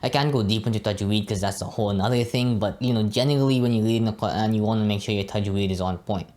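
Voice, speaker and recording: A man's voice: lowish voice, fast. A young man giving a casual Arabic pronunciation lesson, often tagging his sentences with "right?" and "you know". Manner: relaxed, frequently adds "right?" and "you know". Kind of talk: casual teaching monologue.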